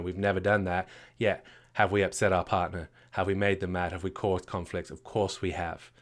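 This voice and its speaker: A man's voice: sits low, flat delivery, a little fast, a bit bright. A man from the UK, a marriage coach teaching a live session with emphatic rhetorical questions and frequent repetitions. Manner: emphatic, rhetorical questions, many repeated words.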